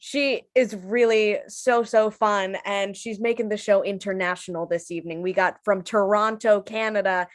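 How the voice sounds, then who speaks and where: A woman emcees a live comedy show, speaking in a middle-pitched voice. She brings up the next comic in an upbeat, announcing manner. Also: steady tone, normal speed, few pauses. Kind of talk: introducing comics on stage. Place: comedy stage.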